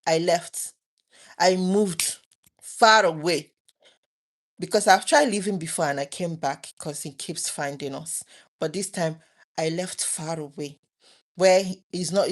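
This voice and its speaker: A woman in her thirties, talking earnestly and emotionally to her viewers late at night, often restarting her sentences. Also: deep voice. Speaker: vlogger.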